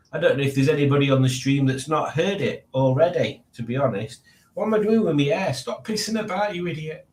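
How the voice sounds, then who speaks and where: A man with a mid-range voice runs a casual livestream indoors at home, and the sound is roomy. He reads chat messages aloud and rambles as he goes.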